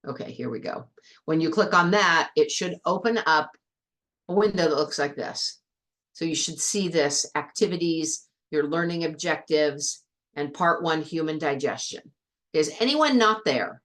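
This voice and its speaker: A woman's voice: deep voice, measured pace, a bit bright. A woman teacher walking a class through an online biology lab step by step, in a chatty, patient way.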